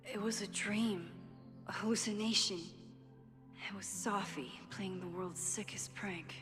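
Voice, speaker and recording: An actress playing a thoughtful, bewildered young woman in a video game, speaking softly and with wonder. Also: medium pitch, fairly even intonation, unhurried, natural voice. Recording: game audio with long reverb and music. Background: game music.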